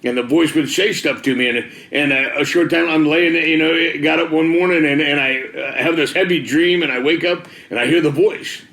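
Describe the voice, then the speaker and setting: In a reverberant room, an ex-biker storytells his church testimony, casual and slangy and dropping "dude" and "man" throughout. He speaks on the high side at a moderate pace with few pauses, his tone steady and fairly bright.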